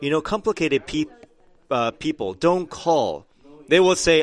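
Slow, emphatic male preacher. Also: on the high side, expressive. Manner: slow, emphatic preaching that swells to loud cries. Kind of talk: sermon.

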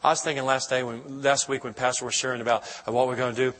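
A middle-aged man, preaching as a guest in church, delivers an emotional testimony with many restarts. His mid-range voice is fairly bright, shows little pitch movement, and moves fast, with long hall reverb on the recording.

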